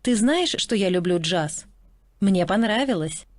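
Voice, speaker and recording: A woman reading a scripted textbook dialogue with a bright, sing-song delivery. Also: mid-range voice, animated, measured pace, no echo, lightly acted. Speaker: dialogue speaker in lesson audio.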